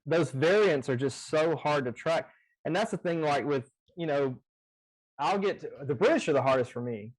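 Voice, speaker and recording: A man in casual chat about running tabletop games, talking in an animated, rambling way with plenty of swearing, on a video call. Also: fairly high pitch, moderate pace, poor audio. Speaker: game master. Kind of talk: casual chat between game masters.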